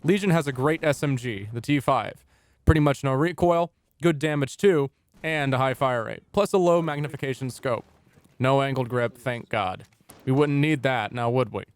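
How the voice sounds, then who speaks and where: A man's voice: mid-range voice, moderate pace. A young man reading a scripted game guide with dry, jokey asides. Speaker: gaming YouTuber.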